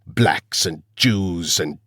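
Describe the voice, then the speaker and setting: A man voicing a cold, menacing elderly male villain scientist, speaking slowly and calmly. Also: low-pitched, no echo, clean studio sound, full character voice. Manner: calm, menacing, slow.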